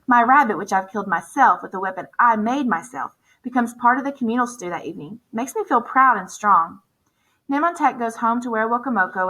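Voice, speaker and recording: A woman narrating a novel in the first person as an audiobook narrator, in a steady, measured storytelling voice. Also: medium pitch, poor audio.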